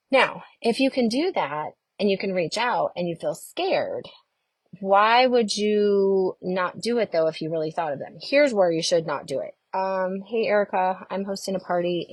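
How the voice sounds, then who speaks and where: A middle-aged woman coaching on a live stream, chatty and animated, who greets viewers by name as she talks. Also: on the low side, moderate pace, no room sound. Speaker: network marketing coach.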